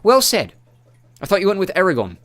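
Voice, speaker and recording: A man's voice: sits high, huge pitch swings, a little fast, pitched above the performer's own voice, exaggerated voice. A man reading an audiobook, voicing a cheery, knowing woman warrior with magic in a raised, teasing voice. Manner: bright, teasing, breezy.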